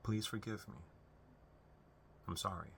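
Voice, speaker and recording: A man's voice: on the low side, unhurried, creaky, slight background noise. A young man talking earnestly to camera, giving unscripted advice on family relationships in a conversational way with frequent restarts. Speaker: self-help video host.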